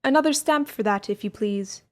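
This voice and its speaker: A woman voicing a bold, quick-tempered young woman who passes as a young man, speaking in an emphatic, determined way. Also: a little high, natural voice. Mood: insistent.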